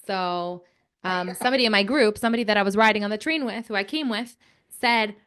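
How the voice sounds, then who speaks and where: A young woman telling an animated story to children, chatty and excitable, with lots of filler words. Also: mid-range voice, brisk, clear, resonant tone.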